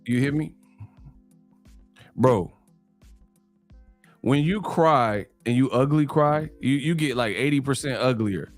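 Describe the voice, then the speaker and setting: A man's voice: mid-range voice, slow pace, long pauses, soft background music. A man hosting a casual live stream, joking and laughing through slangy banter with his viewers. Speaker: livestream host.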